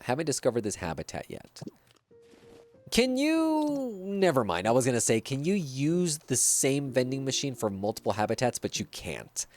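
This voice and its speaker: A man's voice: medium pitch, huge pitch swings, moderate pace, a little mellow, faint music behind. A man streaming a video game, chatting casually and reacting to viewer messages. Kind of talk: casual gameplay livestream chat.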